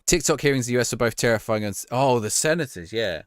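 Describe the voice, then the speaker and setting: A man's voice: mid-range voice, expressive, fast talker, hardly any pauses, dry recording, clean studio sound. A man chatting casually to his viewers on a live stream, laughing and reacting to a match as he talks. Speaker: livestreamer.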